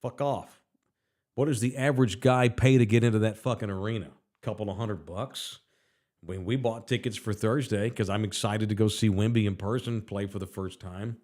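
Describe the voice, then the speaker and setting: A man's voice: lowish voice, fairly even intonation, fairly quick, darkish tone. A man hosting a sports talk show, ranting in a blunt, heated, profane way and reading out listener comments. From Texas. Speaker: sports radio host. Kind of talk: casual opinionated sports talk.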